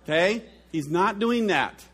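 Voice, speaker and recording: A middle-aged pastor preaching a sermon, telling stories with lively swings in his delivery. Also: high voice, measured pace, husky. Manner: animated storytelling, acts out his own shouted outburst.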